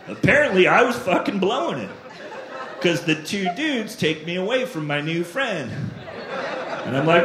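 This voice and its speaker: A man's voice: sits high, very animated, moderate pace, fairly bright tone. A man performing a stand-up routine, telling profane, self-deprecating stories on a comedy club stage. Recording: echoey live club recording with noise.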